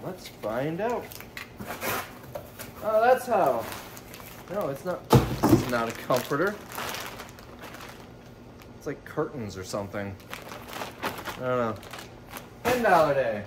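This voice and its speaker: A man's voice: mid-range voice, sing-song, takes it slowly, pauses often, heavy background noise. A man giving casual, joking commentary while unboxing items for resale, thinking aloud as he goes. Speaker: reseller vlogger.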